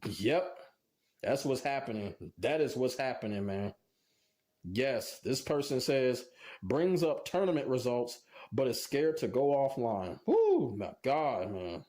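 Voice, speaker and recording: A man's voice: mid-range voice, lively intonation, measured pace, a little mellow. A man commentating on fighting games in a ranting, profane way, groaning in disbelief over and over. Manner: profane and exasperated, repeats "oh my God, man".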